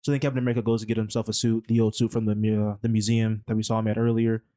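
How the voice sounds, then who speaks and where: A man's voice: on the low side, level tone, rapid-fire, warm tone, no echo. A man recapping a movie on a podcast, telling the plot in a rambling, slangy, casual way. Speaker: podcast co-host.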